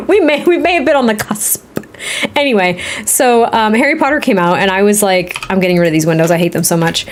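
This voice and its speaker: A woman in her thirties chatting casually on a gameplay stream, rambling and laughing often. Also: medium pitch. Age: 30s. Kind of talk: casual livestream chat while playing.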